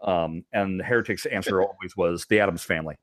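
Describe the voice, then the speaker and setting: A man's voice: low voice, fairly quick, no echo, clean studio sound. A man co-hosting a podcast, telling old stories in a loose, laughing way with many restarts. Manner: animated storyteller, laughs often, many restarts. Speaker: podcast co-host. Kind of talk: casual reminiscing chat.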